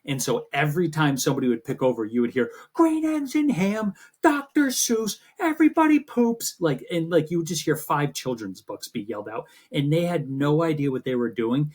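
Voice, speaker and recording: Male podcast co-host, husky voice, chatty storyteller, casual sports banter. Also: mid-range voice, a little fast, hardly any pauses. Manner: rambling, animated storytelling with swearing.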